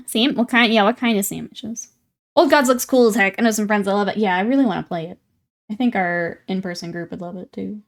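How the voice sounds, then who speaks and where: A young woman talks casually to her live-stream audience while she paints miniatures. She keeps up a chatty back-and-forth with viewers, breaking into laughs and welcoming newcomers. Her voice sits at an ordinary middle pitch. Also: a little fast. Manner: chatty, laughs often, greets chat warmly.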